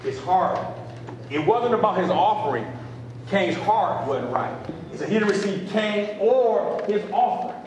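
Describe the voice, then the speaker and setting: A man's voice: high voice, lively intonation, a little slow, very echoey, crowd noise, low-quality recording. A man preaching as a pastor, repeating phrases and drawing responses from listeners. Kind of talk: sermon teaching.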